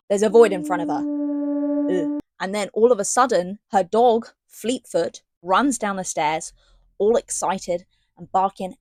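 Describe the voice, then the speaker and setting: A woman giving a sarcastic, slangy casual book review, reading passages aloud between rants. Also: medium pitch. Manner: sarcastic, ranting, slangy asides.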